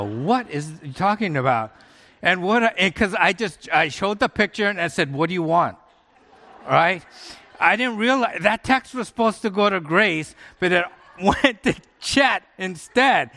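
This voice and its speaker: Pastor preaching in a reverberant hall. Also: male voice, a little high, pushed and bright. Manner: conversational storytelling preaching with laughs. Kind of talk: sermon.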